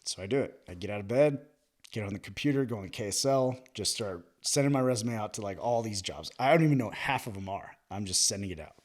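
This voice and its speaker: A man in his thirties tells stories on a podcast in a loose, chatty way. His voice sits fairly low, and he plays out every quoted line with plenty of energy. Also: fast talker. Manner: animated, acts out quoted dialogue, laughs often. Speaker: podcast guest, military veteran. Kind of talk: casual storytelling chat.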